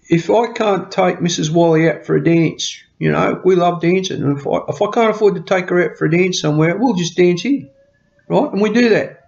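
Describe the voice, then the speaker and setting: In a slightly muffled lo-fi recording, a budgeting vlogger speaks casually to camera from home, earnest and rambling in a homely way. His voice runs on the high side, a little mellow, with vocal fry.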